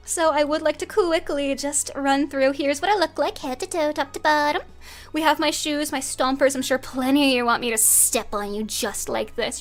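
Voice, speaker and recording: A woman's voice: high voice, normal speed, faint music behind. A young woman streaming in character, teasing and bossy like a playful commanding officer. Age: young adult. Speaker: VTuber streamer.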